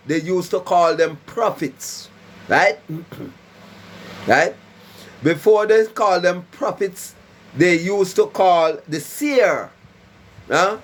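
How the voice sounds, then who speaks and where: Slow, high-voiced man preaching warnings. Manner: emphatic warnings with rhyming repetition; repeats phrases and asks "right?". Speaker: self-styled prophet preaching on a live stream. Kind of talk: preaching monologue.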